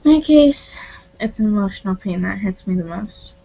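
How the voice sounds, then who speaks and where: A woman vlogger speaking in a halting, heartfelt confessional monologue, close to tears, with many hesitant pauses. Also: medium pitch, lively intonation, vocal fry, mellow, muffled recording. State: tearful, on the verge of crying.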